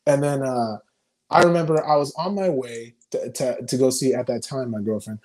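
Over a video call, a young male video creator chats casually in an interview, pouring out frantic, lively stories laced with profanity. His voice sits at a medium pitch and moves at an ordinary pace.

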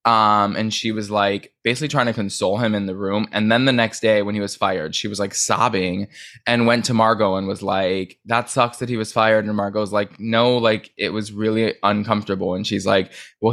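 A man co-hosting a podcast, recapping a reality show in fast, animated casual chat full of filler words. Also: lowish voice. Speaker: podcast co-host.

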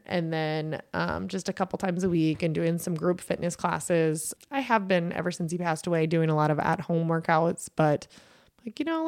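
A woman's voice: on the low side, gravelly, no room sound. Earnest woman with a dry, close voice. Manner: earnest, rambling, many fillers and restarts. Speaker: podcast host. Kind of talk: candid personal storytelling.

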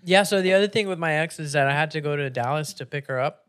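A man's voice: a little high, quick pace, clean tone. A man co-hosting a podcast who tells a casual story to friends, swearing freely and acting out the people he quotes. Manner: profane, animated, acts out quoted people. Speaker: podcast co-host.

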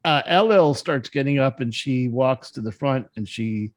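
A man narrating as game master of a tabletop game, halting with many fillers. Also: medium pitch, lively intonation.

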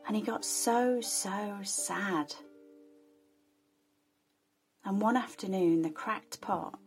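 A woman storyteller reads a folk tale very slowly, in a soft and soothing voice that sometimes drops to a whisper. Faint music plays underneath, making for a relaxing listen. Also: lowish voice, creaky, husky.

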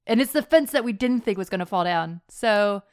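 A woman's voice: medium pitch, lively intonation, a little fast, clear, resonant tone, no echo, clean studio sound. A woman co-hosting a gaming podcast in casual chat, playful and giggly, laughing often. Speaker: podcast co-host.

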